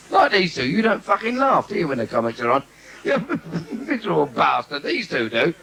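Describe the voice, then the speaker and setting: His voice is a little high and gravelly, with huge pitch swings at a moderate pace. A London stand-up comedian, he does a brash, cheeky, bawdy routine live on a theatre stage, teasing the audience with asides while the noisy theatre is recorded around him.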